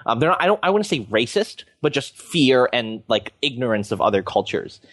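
A man's voice: mid-range voice, very animated, fairly quick, fairly bright tone, no room sound. Young canadian guy rambling on a podcast, tons of likes and you knows, dry sound. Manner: rambling, filler-heavy, lots of "like" and "you know". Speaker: podcast host. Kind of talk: casual chat.

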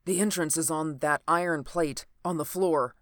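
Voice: medium pitch, fairly even intonation, normal speed, a bit bright, no echo, clean studio sound, close to an everyday voice. A reader voicing a dying wounded man. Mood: urgent. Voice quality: faint, gasping. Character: wounded middle-aged man, dying, urgent.

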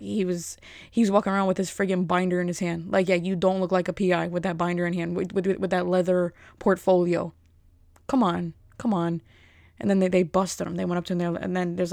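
A young woman telling stories in a rambling, animated vlog style, with frequent fillers. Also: on the low side, gravelly, no room sound, studio quality. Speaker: vlogger. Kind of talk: casual storytelling.

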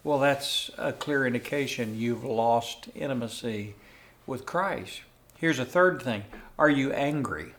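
An older man with a mid-pitched voice teaches on a faith podcast. He talks in a plain, earnest way, often chuckling and restarting phrases as he goes. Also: a little slow, a bit bright. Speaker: podcast host and pastor. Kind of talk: conversational devotional teaching.

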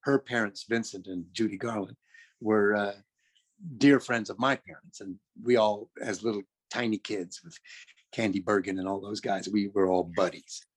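A man's voice: fairly low pitch, steady tone, normal speed, slightly rough. An older man from California telling a long, rambling story in a chatty, self-correcting way. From California, USA. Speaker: storyteller recounting his career. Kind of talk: anecdotal storytelling.

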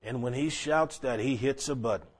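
A man preaching a sermon, telling a long story and quoting scripture, dropping to a hush and rising again. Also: mid-range voice, moderate pace. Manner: storytelling preacher, quoting scripture, swinging between hushed and raised.

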